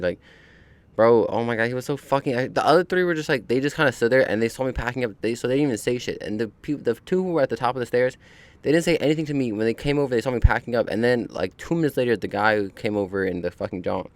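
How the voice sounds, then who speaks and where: Out on a deck, a young podcast host relaxes into a casual story, swearing freely and leaning on fillers. He speaks quickly in a mid-range voice.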